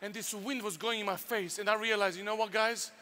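Man, Serbian accent, high pitch, very bright voice, lively storyteller, youth workshop speaker. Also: brisk. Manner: animated storyteller with sound effects.

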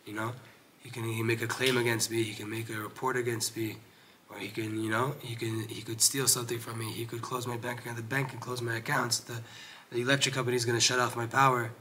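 Bright-voiced man teaching a Torah text. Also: slight background noise. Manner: reads Hebrew passages quickly, then explains them in English with many restarts; grows loud and high when animated, drops low when lecturing. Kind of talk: Torah lesson reading and explaining a text.

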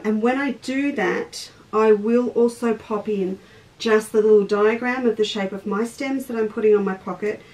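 A woman's voice: medium pitch, darkish tone, recorded from a distance, poor audio. An Australian woman hosting a live sewing demonstration, chatty and breaking off from the task to greet viewers. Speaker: craft teacher and shop host. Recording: voice a little off-mic, faint background noise.

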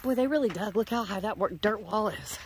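This woman vlogger speaks a little fast at medium pitch, with slight background noise. She's chatting casually into a handheld phone camera on a walk down a neighborhood road, somewhat out of breath.

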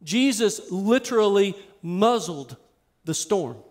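Male pastor, high voice, casual-to-fervent sermon delivery. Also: animated, slow pace, a little mellow. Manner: conversational, emphatic preaching that swells in intensity. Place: church sanctuary with a live congregation.

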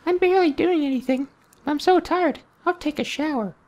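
A man voicing a young woman who has just moved into an old house, reading her lines in a high put-on voice. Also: normal speed, darkish tone. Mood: weary. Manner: high put-on girlish voice reading dialogue boxes.

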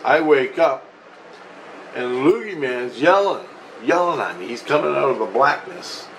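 A man telling a rambling, profane story in a casual vlog, getting excitable as he goes. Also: mid-range voice, unhurried, a little hiss or hum, low-quality recording. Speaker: vlogger.

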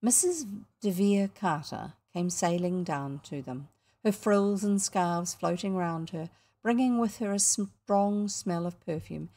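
A woman with a New Zealand accent narrating a children's book in a measured, expressive way. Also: lowish voice. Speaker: audiobook narrator. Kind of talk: storybook narration.

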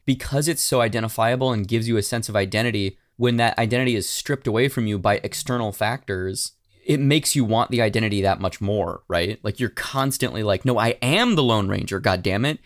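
A man's voice: on the low side, fairly quick, no echo, clean studio sound. A man co-hosting a podcast in casual chat, candid and swearing freely, with plenty of fillers. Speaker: podcast co-host.

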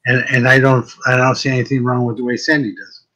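Bright, animated man telling stories. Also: fast, low-quality recording. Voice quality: fairly deep voice. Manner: animated storytelling, often repeats words at the start of a thought. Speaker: host, psychic medium. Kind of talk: casual chat.

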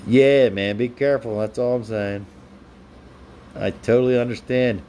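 During a relaxed live-stream chat, a man reads viewers' comments aloud and responds with teasing humor. He has a mellow, mid-range voice with fairly even intonation and a moderate pace, against slight background noise.

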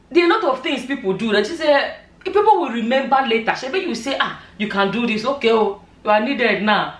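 A woman vlogger with a somewhat high voice reads out social media comments in casual chat, often laughing. She sits a little back from the mic, and her voice rings in a roomy echo. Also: a bit bright, recorded from a distance. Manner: laughs often while reading, chatty and amused.

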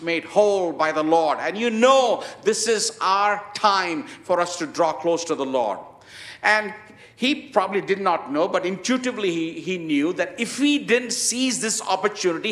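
A man's voice: a little high, lively intonation, a bit bright, echoey room. Emphatic man preaching a sermon. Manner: emphatic, with frequent pauses and fillers. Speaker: pastor.

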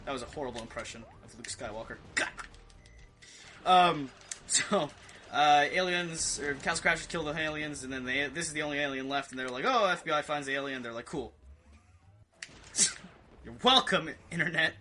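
Excitable young man yelling over a game. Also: a little high, normal speed, faint music behind. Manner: excitable, swears and yelps at the game. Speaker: gaming video host. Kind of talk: rambling let's play commentary.

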